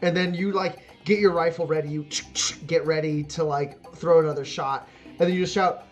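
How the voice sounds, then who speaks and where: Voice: medium pitch, fairly even intonation, normal speed, muffled recording, faint music behind. A game master narrating a tabletop game in a loose, rambling way, full of fillers and laughter.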